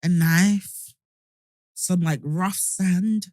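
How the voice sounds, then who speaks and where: A woman's voice: fairly low pitch, drawn-out words, no room sound. A young woman, co-hosting a casual podcast chat and joking around. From Nigeria. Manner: animated, joking, acts out comic voices. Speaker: podcast co-host.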